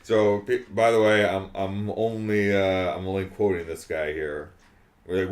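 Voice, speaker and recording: Low-voiced man recounting scenes in an echoey room. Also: measured pace. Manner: animated retelling, acts out quotes. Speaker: podcast co-host. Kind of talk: casual film-review chat. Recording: roomy echo.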